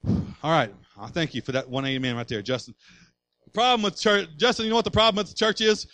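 A male pastor preaching a sermon with passion, building up to loud declarations. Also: fairly high pitch, quick pace, no room sound, rough recording.

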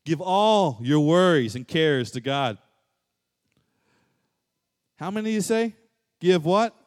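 Male pastor, dynamic sermon delivery, somewhat high voice, reverberant church hall. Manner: dynamic preaching, swings from loud emphatic to soft and hushed.

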